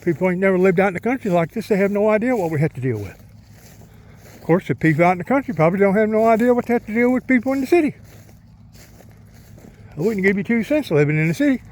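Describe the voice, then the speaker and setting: A man's voice: high-pitched, expressive, fast talker, long pauses, darkish tone. A middle-aged man, rambling in a folksy way while he walks outdoors and talks to his dog. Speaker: vlogger. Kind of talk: casual outdoor vlog. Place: outdoors in the countryside by a pond.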